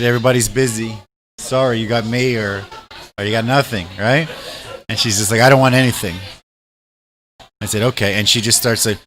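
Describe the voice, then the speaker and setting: Guy hosting a chat show, retells a bar story all animated, does the voices. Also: on the low side. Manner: animated storyteller acting out quotes. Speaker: host.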